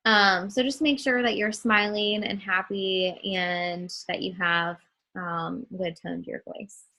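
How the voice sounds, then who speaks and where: Slow, bright-voiced woman leading a call. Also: mid-range voice, steady tone, rough recording. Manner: slow and chatty, many ums, addresses listeners as guys. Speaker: trainer for new webcam models. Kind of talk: casual training talk on a group call.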